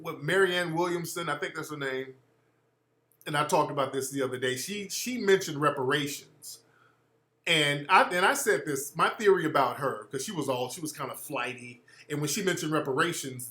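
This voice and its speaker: A man's voice: medium pitch, echoey room. A man hosting a radio show, delivering a blunt, profane political commentary monologue. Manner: blunt, profane, animated ranting.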